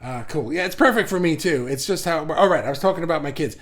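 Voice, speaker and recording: A middle-aged man hosting a casual livestream, reading out viewer comments in an energetic, animated way, often restarting his sentences. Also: fairly high pitch, quick pace. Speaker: livestream host.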